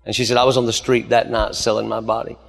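A man's voice: mid-range voice, flat delivery, quick pace, gravelly, fairly bright tone. Man preaching in a reverberant hall. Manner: preaching with rising emphasis, storytelling. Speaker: pastor. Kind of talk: sermon.

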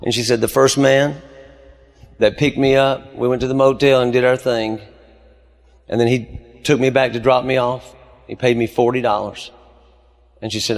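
A pastor delivers a sermon in a mid-pitched voice. He tells stories and builds his emphasis as he goes. His voice carries a long reverb, as if filling a church sanctuary. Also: flat delivery, moderate pace, long pauses. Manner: preaching with rising emphasis, storytelling.

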